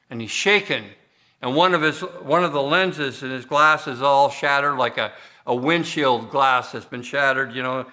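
A man's voice: a little high, sharp tone. A man preaching a sermon as pastor of a church, talking conversationally with frequent restarts and fillers.

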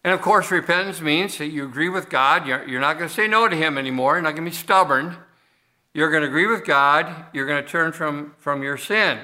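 Guy pastor giving a sermon, slightly higher voice, loose chatty style w/ lots of uhs and restarts. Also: brisk, pushed and bright. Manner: conversational, with many restarts and fillers. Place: church.

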